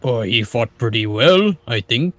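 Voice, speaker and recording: A man's voice: medium pitch, expressive, measured pace, fairly bright tone, no room sound, soft background music. A man playing a proud, blunt male ogre captain in a tabletop game, answering in plain, simple words.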